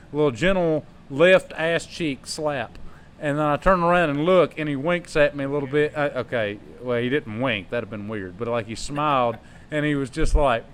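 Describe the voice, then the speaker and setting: A man's voice: fairly high pitch, a little hiss or hum. A man hosting a wrestling podcast, telling long joking stories in casual chat. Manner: rambling, joking storyteller.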